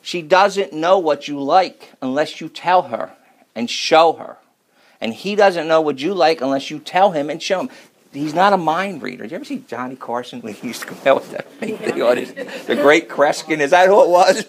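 A man's voice: fairly high pitch, expressive, moderate pace. A man preaching a sermon on marriage in a folksy, joking manner.

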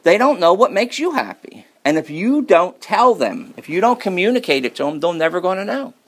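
A man's voice: high-pitched, very animated, a little fast, a bit bright. A man preaching a sermon on marriage in a folksy, joking manner.

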